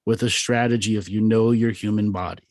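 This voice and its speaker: A man's voice: on the low side, brisk, no room sound. Dry-witted man, close dry sound. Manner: dry quips between calm explanations. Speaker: co-host. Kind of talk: casual comedic chat. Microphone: video call.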